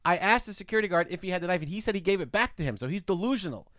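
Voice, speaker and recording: A young man co-hosting a comedy podcast, rattling off a story at a quick clip in an animated, casual way. His voice is clean and clear, with a bit of lift in pitch, and the recording is dry and close with no room sound. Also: dry recording. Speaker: podcast co-host. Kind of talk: casual chat.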